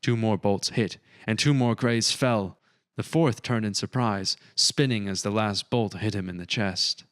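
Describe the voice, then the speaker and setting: Low, smooth male audiobook narrator. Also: measured pace, a bit bright, no echo, clean studio sound. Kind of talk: scripted narration.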